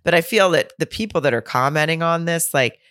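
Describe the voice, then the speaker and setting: Bright-voiced chatty woman. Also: low voice, fairly quick, dry recording, clean studio sound. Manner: chatty, animated and laughing. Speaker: podcast co-host. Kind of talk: casual chat.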